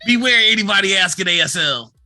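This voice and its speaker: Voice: mid-range voice, expressive, fast, bright, forceful tone, faint music behind. A co-host opening a casual live-stream show, rowdy, laughing often and swearing freely.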